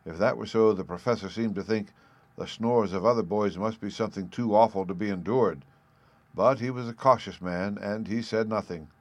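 A man narrating a storybook in a measured, even reading. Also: on the low side, no echo.

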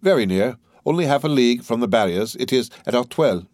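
A man voicing an urbane, composed middle-aged count in an audiobook, speaking with smooth, measured courtesy. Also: mid-range voice, lively intonation, darkish tone, dry recording, clean studio sound, natural voice. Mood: courteous.

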